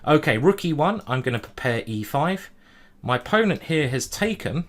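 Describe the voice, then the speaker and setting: A man's voice: a little high, very animated. Man thinking aloud through chess moves. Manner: thinks aloud move by move, hums while pondering; hurried, juggling many boards. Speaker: chess streamer playing a simultaneous display. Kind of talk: live-stream chess commentary.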